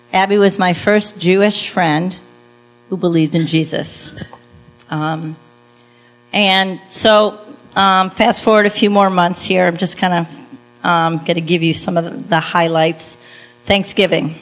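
A woman's voice: lowish voice, fairly even intonation, unhurried, pauses often, soft background music, rough recording. A woman telling a personal testimony as a talk, acting out quoted lines and laughing lightly. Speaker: speaker giving a testimony.

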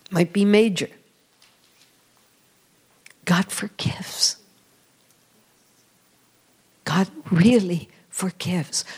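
A woman who hosts a religious radio program delivers a slow, unhurried testimony. She tells her story in a confiding way and often lowers her voice to a hushed whisper on the key words. Her tone stays humble, with light self-mocking laughter. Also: husky. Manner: storytelling, confiding, drops to soft whispers for emphasis; self-deprecating, laughs at herself. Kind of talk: sermon-style testimony.

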